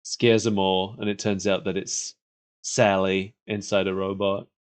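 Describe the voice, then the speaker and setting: This podcast co-host speaks in a low, smooth voice with little pitch movement and an unhurried pace. He's casually reviewing an old cartoon and laughs frequently.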